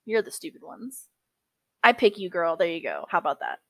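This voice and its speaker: A woman's voice: on the low side, huge pitch swings, moderate pace, a bit bright, no echo. Chatty, swearing woman podcaster. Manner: chatty, swears freely, calls everyone girl. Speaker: podcast co-host. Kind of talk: casual chat.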